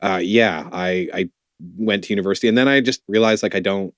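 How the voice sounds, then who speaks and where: Hesitant man interviewer, lowish, dry. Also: no echo. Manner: hesitant, halting restarts. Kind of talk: casual interview chat.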